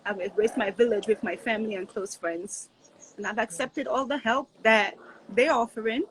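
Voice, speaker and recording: A woman's voice: fairly high pitch, normal speed, breathy edge, low-quality recording. A woman in her thirties, a guest sharing a heartfelt casual chat, earnest and reflective, often asking "right?". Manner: earnest, reflective, repeats phrases, says "right?".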